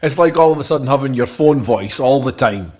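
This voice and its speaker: A man's voice: medium pitch, lively intonation, brisk, darkish tone. A man hosting a casual chat, agreeing with short remarks. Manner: agreeable, brief replies. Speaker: host.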